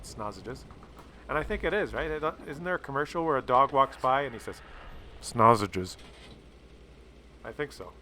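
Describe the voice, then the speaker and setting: Animated, bright-voiced game commentator man. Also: mid-range voice. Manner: animated, chatty, swears casually. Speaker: gaming video commentator.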